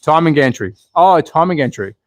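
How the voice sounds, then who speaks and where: A man's voice: on the high side, expressive, normal speed, no room sound. An Australian man hosting a casual live stream, chatting, thinking aloud and answering viewers' chat. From Australia, Melbourne. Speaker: slot car channel host.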